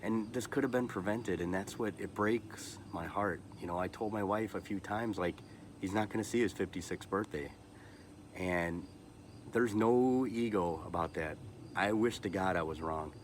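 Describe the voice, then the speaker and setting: A man with a very low voice, speaking earnestly and with feeling as he hosts a personal podcast episode. He stumbles, repeats words and restarts his sentences. Faint noise sits under the recording. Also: normal speed. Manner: earnest and emotional, motivational asides. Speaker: podcast host. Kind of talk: personal heartfelt monologue.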